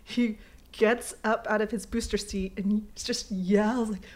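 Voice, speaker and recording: A woman's voice: medium pitch, measured pace. Young woman laughing thru a story, says like a lot, chatty. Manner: giggly, animated storyteller, lots of "like". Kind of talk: casual chat, storytelling.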